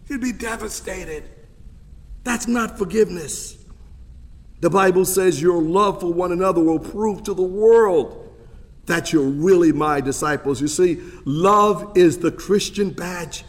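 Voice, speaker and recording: A high-voiced man preaches a sermon with dramatic emphasis, rising to loud declarations and dropping to quieter asides. His voice carries a long reverb, as if it fills a large hall. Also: lively intonation, unhurried. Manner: emphatic preaching, swinging between loud and soft. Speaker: pastor.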